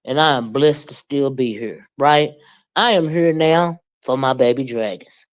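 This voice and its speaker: A woman's voice: a bass voice, unhurried. A woman in her fifties talking casually into the camera, folksy and plain-spoken, with frequent asides like "you know what I mean". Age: 50s. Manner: folksy, Southern-flavored talk with lots of "you know what I mean" and "child"; sounds older than her age, called a surly old bird by herself. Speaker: vlogger addressing a fellow creator. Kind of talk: casual monologue.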